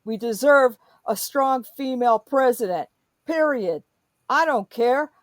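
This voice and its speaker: A woman's voice: high-pitched, lively intonation, measured pace, no room sound. A woman in a profane, emphatic political rant, speaking as a podcast host.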